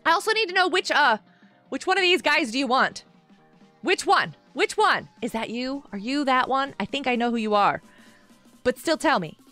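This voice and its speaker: A woman's voice: sits high, animated, moderate pace, pushed and bright, faint music behind. A woman hosting a live game stream, bubbly and gushing as she greets viewers in chat by name.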